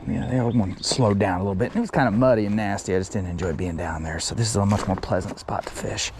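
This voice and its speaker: A man filming himself fishing a small creek outdoors, chatting excitedly and talking to the fish as he reels them in. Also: on the low side, fast, noisy background. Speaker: fishing vlogger. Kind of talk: casual on-the-spot fishing vlog.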